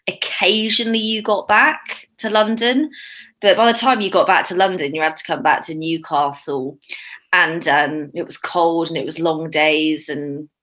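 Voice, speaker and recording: Young woman actor, low voice, chatty and a bit emotional, video call interview. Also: steady tone, moderate pace, a bit bright. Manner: chatty, emotional, laughs through tears. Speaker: actress guest. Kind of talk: casual interview chat.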